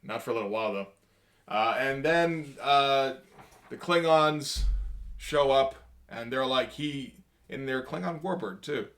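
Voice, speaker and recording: Guy flipping thru a comic and riffing on it, halting and rambly, lots of ums, middle-of-the-road voice. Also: mid-range voice, fairly bright tone. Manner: rambling, halting, with many fillers and wry asides. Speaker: comic book reviewer. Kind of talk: casual page-by-page comic review.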